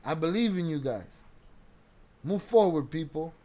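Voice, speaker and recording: A man's voice: a little high, lively intonation, measured pace, warm tone. A man giving loose, slangy, profane commentary as a streamer. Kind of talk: casual commentary.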